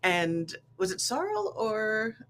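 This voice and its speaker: A woman's voice: medium pitch, extremely slow. Chatty woman telling an anecdote. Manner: chatty, lively, laughing now and then. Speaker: guest. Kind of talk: casual storytelling.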